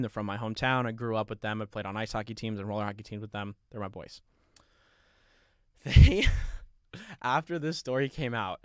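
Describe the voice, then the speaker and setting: A man's voice: fairly low pitch, clean tone, no room sound, studio quality. A young man hosting a podcast, telling a story casually with lots of swearing and frequent laughter. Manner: profane, laughing often, animated retelling. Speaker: podcast host.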